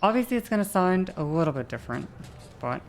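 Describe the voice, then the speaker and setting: A woman streamer chatting casually, shifting her voice between a lower and a lighter register, with vocal fry. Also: big pitch swings, fast, slight background noise. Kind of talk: casual chat while gaming.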